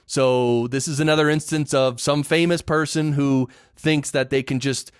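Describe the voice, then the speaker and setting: With a clean, steady medium-pitched voice at normal speed, a male podcaster rants opinionatedly and emphatically, repeating himself in a casual solo monologue. The recording is dry with clean studio sound.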